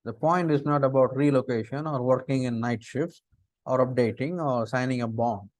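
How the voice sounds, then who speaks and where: A middle-aged man with an Indian English accent, giving a lecture on interview skills, lively and full of rhetorical questions. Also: mid-range voice, normal speed, no echo. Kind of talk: lecture on interview body language.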